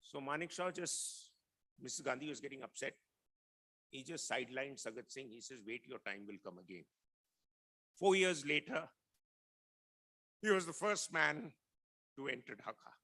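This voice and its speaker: A man's voice: on the high side, lively intonation, moderate pace, pauses often, bright, forceful tone. A retired army officer on a video call, telling blunt anecdotes and acting out the people he quotes. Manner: blunt, acts out quoted voices. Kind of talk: anecdotal storytelling talk.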